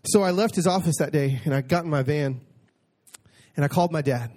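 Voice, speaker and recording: A man with a slightly higher voice preaches his own testimony as a sermon. He drops to hushed storytelling, then lifts into excited exclamation. When he reads scripture aloud, he slows down and leans hard on each word.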